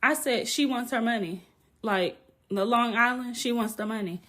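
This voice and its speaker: A woman hosting a casual podcast, telling a story in an animated, blunt way, laughing often and swearing casually. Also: on the high side, normal speed. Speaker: podcast host.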